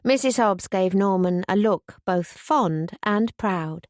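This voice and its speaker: Woman reading a novel aloud, even gentle storytelling, close dry mic. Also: mid-range voice, takes it slowly, no echo. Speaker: audiobook narrator. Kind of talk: scripted narration.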